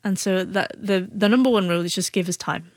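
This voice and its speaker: A woman's voice: mid-range voice, fairly quick, no echo. Woman who stutters, talking plainly. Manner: speaks with a stutter, repeating first sounds. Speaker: guest author. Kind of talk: radio interview answers.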